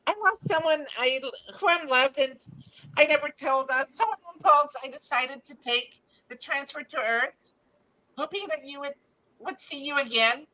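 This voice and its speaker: A woman voicing a nervous young female ensign in an amateur audio drama, her voice hoarse and apologetic, breaking off into halting phrases. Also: high voice, bright, forceful tone, poor audio. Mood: tearful. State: hoarse, coughing.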